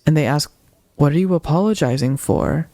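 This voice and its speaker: A young man on a podcast, retelling a ghost-hunting video with animated quoted voices in casual storytelling. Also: fairly high pitch, normal speed, no echo. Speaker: podcast co-host.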